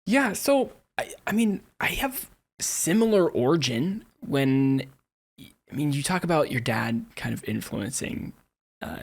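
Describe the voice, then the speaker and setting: A man co-hosting a podcast in casual chat, agreeable and quick to affirm what others say. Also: on the high side, lively intonation, gravelly, breathy edge. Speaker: podcast co-host.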